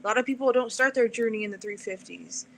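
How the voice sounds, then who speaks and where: A woman's voice: fairly high pitch, fast talker, vocal fry, a little hiss or hum. A woman as an interview guest, chatting casually and acting out the people in her stories. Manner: animated storyteller, acts out quotes. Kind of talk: casual chat.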